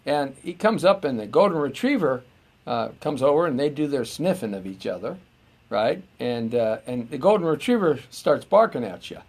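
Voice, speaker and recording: Husky-voiced rambling male show host. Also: medium pitch, big pitch swings, moderate pace, a little mellow. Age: middle-aged. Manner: rambling and jokey, musing aloud. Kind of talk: live show monologue.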